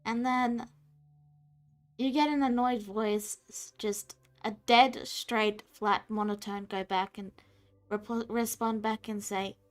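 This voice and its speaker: A woman's voice: a little high, fairly even intonation, takes it slowly, faint music behind. A woman running a tabletop game as game master, describing scenes and relaying replies.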